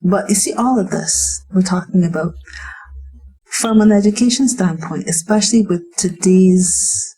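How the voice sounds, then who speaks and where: Husky-voiced woman hosting an interview. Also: fairly low pitch, moderate pace, dark tone, rough recording. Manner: attentive, affirming interjections. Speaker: interview host. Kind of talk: interview chat.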